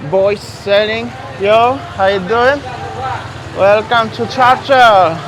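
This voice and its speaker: Chatty travel vlogger man on a busy street. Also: fairly high pitch. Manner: chatty, greets passers-by loudly. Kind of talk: walking tour commentary. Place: busy narrow street outdoors. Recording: street traffic noise behind.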